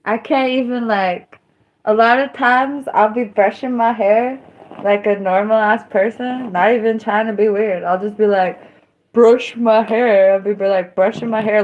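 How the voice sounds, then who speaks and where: A woman live streamer chatting casually to her viewers. She rambles loosely, mocks herself and breaks into squeals and yells. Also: mid-range voice, steady tone, moderate pace, dull audio. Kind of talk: casual livestream chat.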